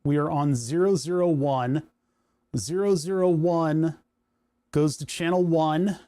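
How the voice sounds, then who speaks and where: A man's voice: a little high, takes it slowly, warm tone. A man hosting a casual electronics livestream, rambling and thinking aloud, poking fun at himself as he works. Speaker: livestream host. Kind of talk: casual live coding chat. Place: home workshop.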